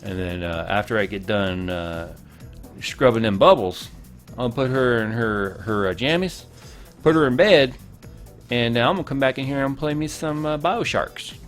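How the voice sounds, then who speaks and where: A man's voice: medium pitch, moderate pace, faint music behind, natural voice. A man putting on a rural Southern American accent, playing a homespun, folksy family man with country phrasing. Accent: put-on American Southern.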